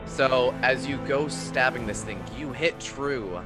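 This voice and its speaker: A man's voice: mid-range voice, takes it slowly. A man narrating as game master for a tabletop game, casual and profane, laughing often. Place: live stream. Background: music.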